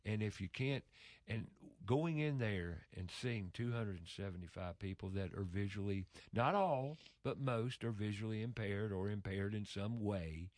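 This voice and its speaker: A man's voice: lowish voice, normal speed, a little mellow, dry recording. A man speaking in a casual conversation, telling an emotional story earnestly with frequent restarts.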